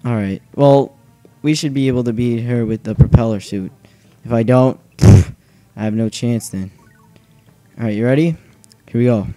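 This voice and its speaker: A young man commenting on his own video game play, nervous and self-mocking, breaking into shouts. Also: mid-range voice, moderate pace, pauses often, faint music behind. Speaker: gaming channel host. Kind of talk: excited let's play commentary.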